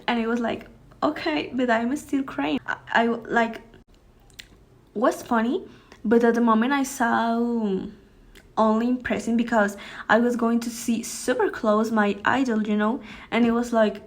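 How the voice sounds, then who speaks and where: Woman, teens, Spanish speaker, hesitant, slightly high pitch, slow unhurried delivery. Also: steady tone. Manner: hesitant, halting, frequent restarts and fillers. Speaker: student. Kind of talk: homework anecdote in English.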